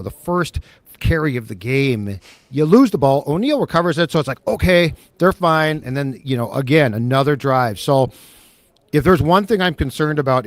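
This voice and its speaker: A man's voice: mid-range voice, dry recording. A man co-hosting a sports talk podcast, emphatic and firm in his points. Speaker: podcast co-host.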